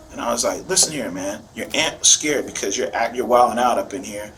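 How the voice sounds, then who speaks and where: A man's voice: medium pitch, fairly quick, hardly any pauses, background noise. Rambling father in police interview. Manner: rambling, emotional storytelling with acted-out quotes.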